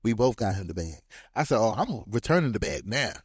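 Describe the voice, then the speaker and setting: A man casually telling a personal story as podcast host, animated and slangy, often laughing as he goes. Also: fairly low pitch, fairly quick, breathy edge, no room sound, studio quality.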